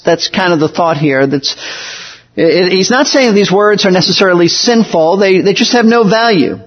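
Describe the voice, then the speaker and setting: A man preaching a sermon in an earnest, measured way, slowing down to stress key words. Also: high-pitched, muffled recording. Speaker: pastor.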